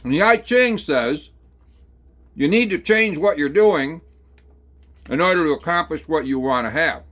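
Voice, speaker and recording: A man telling a rambling, folksy second-person story, talking slowly through it with plenty of hesitations and fillers. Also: a little high, expressive, fairly bright tone. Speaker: channel host.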